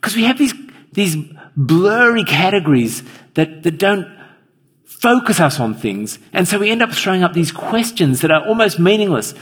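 A man's voice: high-pitched, sing-song, normal speed, a bit bright, slightly rough. A man preaching an evening sermon in a church, earnestly putting questions straight to his listeners. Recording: long reverb of a large hall.

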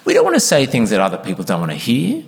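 A man's voice: mid-range voice, wildly swooping pitch, quick pace, creaky. A man preaching a sermon as pastor, earnest and emphatic, sometimes acting out quoted congregation members. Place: church. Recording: church hall with long reverb.

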